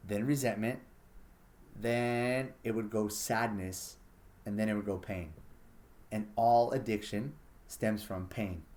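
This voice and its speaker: A man's voice: fairly low pitch, darkish tone. A man hosting a casual solo monologue, blunt and profane, acting out his own inner thoughts as he talks. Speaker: podcast host.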